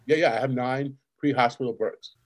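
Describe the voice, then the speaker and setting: A man's voice: medium pitch, fairly even intonation, moderate pace. A man who works as a paramedic, talking casually in a blunt way, swearing, and dropping into quoted voices. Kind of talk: casual chat.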